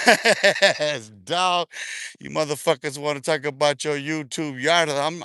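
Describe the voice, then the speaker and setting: A man's voice: medium pitch, pushed and bright, smooth, dry recording. A man ranting casually on a livestream, taunting and bragging, swearing constantly and laughing often between lines.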